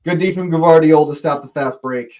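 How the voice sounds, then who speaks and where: A man's voice: a little high, normal speed. A man hosting a live watch-along, giving fan play-by-play commentary and talking to viewers in the chat, his voice leaping up at near chances. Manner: excitable, voice leaps up on near chances; chatty, greets and talks to chat viewers.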